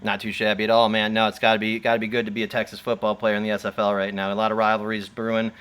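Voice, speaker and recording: A man's voice: fairly low pitch, completely flat delivery, very fast, fairly bright tone, smooth. Rambling man hosting a live show. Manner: rambling, heavy fillers, laughs often. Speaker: host. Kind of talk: casual livestream chat.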